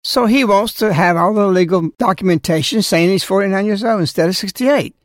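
A man's voice: sits high, a little fast, no echo, studio quality. A man giving a scolding religious talk, full of rhetorical questions and warnings. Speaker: religious speaker. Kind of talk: preaching talk.

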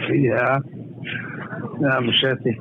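A man whose first language is Arabic talks on a tinny, phone-like line, his voice husky and dry. He chuckles often and speaks in broken English as he tells his story in a phone interview. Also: medium pitch, level tone, drawn-out words, no room sound. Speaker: store owner guest. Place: his shop.

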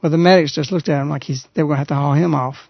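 A man hosting a radio talk show, earnestly retelling a story in a halting, conversational way. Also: fairly high pitch, steady tone, creaky, husky, no echo. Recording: dull, lo-fi radio recording.

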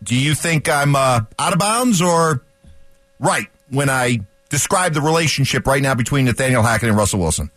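A man's voice: medium pitch, expressive, normal speed, a bit bright, dry recording. A man hosting a sports radio show, talking with a guest in a conversational, joking way.

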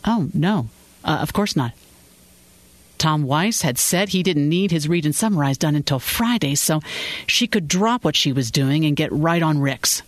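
Measured audiobook narrator, dry sound. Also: mid-range voice, animated, no echo. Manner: measured storytelling. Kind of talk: scripted narration.

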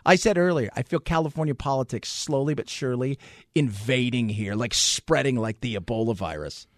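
A man's voice: medium pitch, fairly quick, dry recording, studio quality. A man hosting a radio talk show, fired up and sarcastic as he rants.

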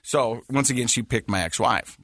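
A man in his forties hosting a casual podcast chat, telling stories with a lively, laughing manner. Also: mid-range voice, normal speed, no room sound. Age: 40s. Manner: animated storytelling, laughs often. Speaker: podcast host.

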